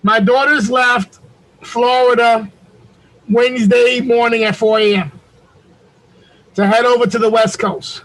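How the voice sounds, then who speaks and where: High-voiced man telling a profane story. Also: unhurried, long pauses, rough recording. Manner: animated, profane, slangy storyteller. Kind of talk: casual storytelling on a group call. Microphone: video call.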